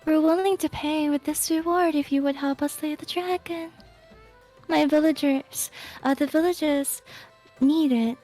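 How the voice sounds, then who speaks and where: A woman's voice: high-pitched, fairly even intonation, a little slow, a little mellow, soft background music, voice pushed up. A woman voicing a small young girl warlock in training who pleads in a cutesy, tearful way. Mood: pleading.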